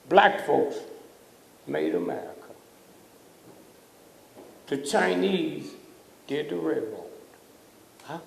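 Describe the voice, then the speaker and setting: Older man, gravelly voice, fiery lecture, echoey hall, slightly high pitch. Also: big pitch swings, takes it slowly, pauses often, a little hiss or hum. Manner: preachy, confrontational, punctuating points with "huh?". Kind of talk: public lecture to a live audience.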